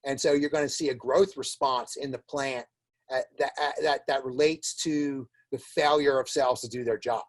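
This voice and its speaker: A man's voice: medium pitch, steady tone, moderate pace. A man giving an informal webinar lecture on plant diagnostics, chatty and wry, full of fillers and repeated words. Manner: wry, laughs at his own jokes.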